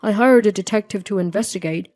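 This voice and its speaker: Woman reading a calm, firm young son. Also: mid-range voice, fast talker, faint music behind, close to an everyday voice.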